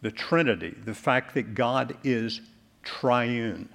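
A man preaching a sermon as pastor, measured and deliberate, slowing down to stress key words. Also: mid-range voice, creaky, a bit bright.

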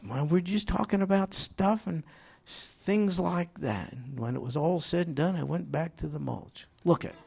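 A middle-aged man preaching a sermon, his voice slightly raised in pitch and grainy with fry. He tells homely stories with humor and slips into acted-out quotes. The delivery is lively and conversational from the pulpit. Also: measured pace. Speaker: pastor.

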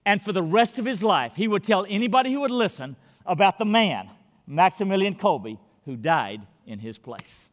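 A man with a notably high voice preaches in a church sanctuary, his words ringing in a long hall reverb. He tells a story as a pastor, then draws his listeners in softly and intimately as he leads them into prayer. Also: sing-song, normal speed. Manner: storytelling, growing quiet and intimate toward the closing prayer. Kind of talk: sermon.

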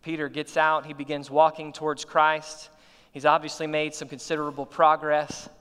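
Man preaching, high-pitched and crisp, emphatic delivery, reverberant church hall. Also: monotone, moderate pace, a bit bright. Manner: expository preaching, rising to emphatic peaks. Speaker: pastor. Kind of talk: sermon.

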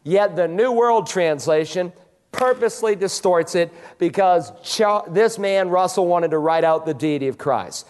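Male pastor, higher-pitched voice, emphatic pulpit delivery, slows hard to stress key lines. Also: a little mellow. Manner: emphatic, preacherly cadence with sudden slow stresses. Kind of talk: sermon.

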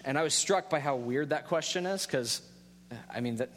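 A man's voice: fairly high pitch, moderate pace, a bit bright, slight background noise. Man preaching conversationally in a reverberant hall. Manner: conversational storytelling with self-deprecating humor. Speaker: pastor. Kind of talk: sermon.

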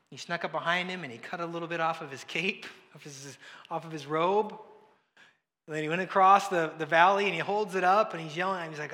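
A man preaching a sermon in a conversational way, acting out the voices he quotes and swinging between loud and hushed. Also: high voice, quick pace, big-room sound. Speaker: pastor.

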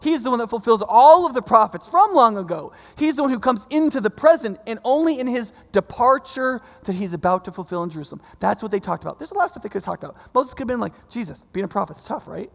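A man's voice: very high-pitched, animated, quick pace, vocal fry, few pauses, long reverb tail. A male pastor preaching a sermon in a conversational way, often checking in with the congregation. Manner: conversational preaching, frequent "right?" asides.

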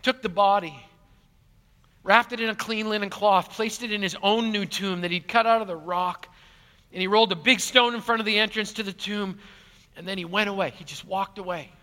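A male pastor preaching an Easter sermon, animated, swinging from loud emphasis to hushed lines. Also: high voice, moderate pace. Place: large church auditorium. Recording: long hall reverb.

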